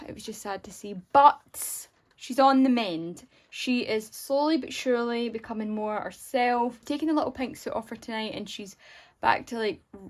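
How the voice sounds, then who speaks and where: A woman's voice: fairly high pitch, normal speed. A young woman chatting casually in a vlog, rambling along with frequent restarts. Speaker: vlogger.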